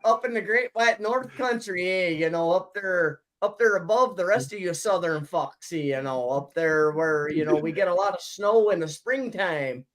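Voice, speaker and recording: A man's voice: sits high, moderate pace, hardly any pauses, a bit bright. A man voicing a boastful, folksy snow-country man who keeps tacking "eh" onto his sentences. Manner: drawling, folksy, ends phrases with "eh".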